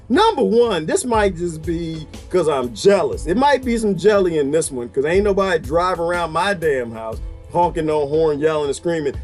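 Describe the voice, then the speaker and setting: A man delivering an exasperated comedic rant to camera, laughing often as he goes. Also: fairly high pitch. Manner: animated, exasperated ranting with frequent laughter. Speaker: vlogger.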